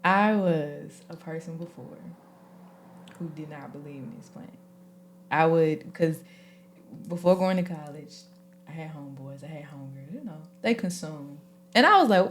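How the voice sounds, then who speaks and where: Woman host, AAVE, lively and emotional, moves between hushed and loud. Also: deep voice, normal speed, slight background noise. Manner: expressive, animated, swings from soft to loud. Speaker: podcast host. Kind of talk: casual, emotional conversation.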